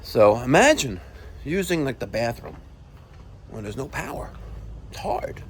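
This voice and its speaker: This middle-aged man speaks unhurriedly at medium pitch, his voice swinging widely in pitch. He's casually vlogging on foot around a resort with pools, calling his viewers folks and lowering to a whisper now and then. A slight hiss or hum sits under the recording.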